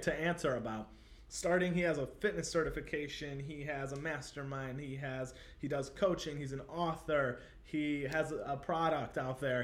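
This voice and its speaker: A man hosting a casual livestream, chatty and upbeat, talking to viewers over a webcam. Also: fairly high pitch. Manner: upbeat, chatty, many fillers. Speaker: livestream host. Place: Santa Monica, Los Angeles.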